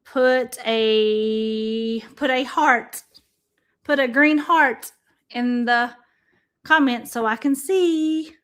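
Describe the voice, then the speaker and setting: Slow, high-voiced woman livestreaming. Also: a bit bright, smooth. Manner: chatty, addresses viewers as y'all. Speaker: livestream host. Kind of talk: casual livestream chat.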